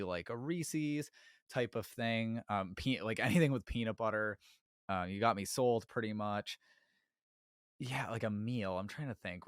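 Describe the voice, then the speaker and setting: A man's voice: lowish voice, a bit bright, clean tone, dry recording, studio quality. Chatty young man with a sore throat. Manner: chatty, self-deprecating, laughs often, apologizes a lot. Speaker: podcast host. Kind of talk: casual solo Q&A.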